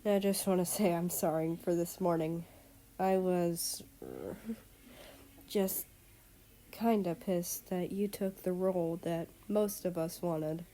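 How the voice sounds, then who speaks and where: A woman's voice: on the low side, steady tone, takes it slowly, warm tone. A woman voicing a sheepish, friendly young man apologizing in a read-aloud story.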